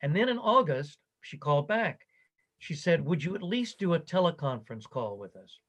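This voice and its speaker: Older man, storytelling, slightly high voice, animated, quotes people. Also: moderate pace, rough recording. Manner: animated anecdotal telling, quoting others. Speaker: interviewee. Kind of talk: storytelling in conversation.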